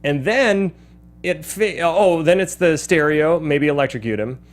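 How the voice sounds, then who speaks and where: A man's voice: a little high, a little slow. A man hosting a movie podcast, chatting casually about a film in a rambling way and laughing often. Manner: animated, laughing, rambling with restarts. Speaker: podcast host. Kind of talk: casual film-discussion chat.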